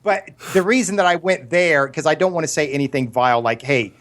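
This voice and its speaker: A man's voice: a little high, lively intonation, a little fast, fairly bright tone. A man co-hosting a casual podcast, arguing earnestly with stumbling restarts and absurd analogies. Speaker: podcast co-host. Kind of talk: casual argumentative discussion.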